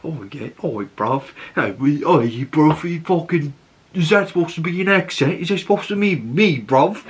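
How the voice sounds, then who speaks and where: A man's voice: fairly high pitch, animated, moderate pace, breathy edge, pitched above the performer's own voice. A man doing a brash mocking British punk. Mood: taunting.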